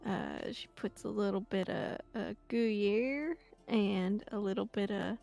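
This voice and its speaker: Slow gravelly woman player. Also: medium pitch, sing-song, darkish tone, soft background music. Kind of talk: casual tabletop play.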